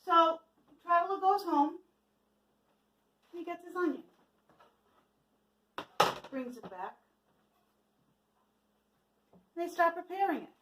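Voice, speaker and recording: A woman with a very high voice tells a folk tale for a church children's message, cooking along as a demonstration and asking the listeners questions. Her delivery is casual and lively but slow, with long pauses. She's recorded from a distance in an echoey room, with a slight hiss or hum.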